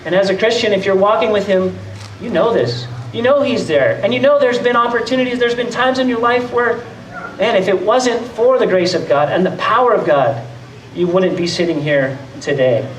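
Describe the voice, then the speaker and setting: In a church hall, a pastor preaches a conversational sermon, often acting out the voices of doubters. His voice is high and his pace moderate. The distant mic picks up roomy echo along with a little hiss or hum.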